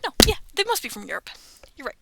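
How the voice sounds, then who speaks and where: A woman in her thirties reading scary stories aloud from home, breaking off for chatty, self-aware asides and soft whispered remarks. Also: high-pitched, wildly swooping pitch, fast talker, vocal fry, a little hiss or hum. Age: 30s. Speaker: streamer reading online stories. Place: bedroom at home.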